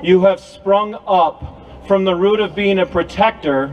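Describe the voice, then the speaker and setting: A man's voice: high voice, measured pace, lo-fi sound, a little hiss or hum. A man giving an impassioned speech to a crowd at an outdoor rally, with a preacher-like cadence. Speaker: rally speaker.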